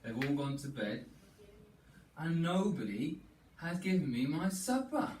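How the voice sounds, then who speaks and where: A man's voice: a little high, big pitch swings, unhurried, darkish tone. A man voicing a sad, lonely, forgetful female house cat in a wistful, plaintive way, for a children's story. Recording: echoey room, distant mic, faint ambience.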